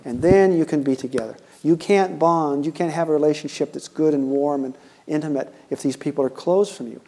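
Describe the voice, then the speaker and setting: A man's voice: on the high side, mellow, echoey room, poor audio. A man giving an earnest talk to an audience, pleading with them and asking them direct questions. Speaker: speaker giving a parenting talk.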